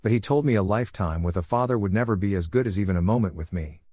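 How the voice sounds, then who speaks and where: A man voices a young mother spirit in a fan audio story: soft, kind and a little fiery underneath. The voice stays low and close, recorded dry with no room around it. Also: animated, fast, breathy edge, no room sound. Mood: gentle. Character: hot-tempered, loving young mother spirit.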